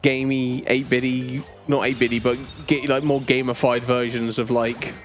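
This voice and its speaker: A man's voice: mid-range voice, flat delivery, moderate pace. A man co-commentating on a live speedrun in an easygoing, joking way, with lots of fillers. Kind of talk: casual game commentary. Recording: faint game music behind. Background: faint game music.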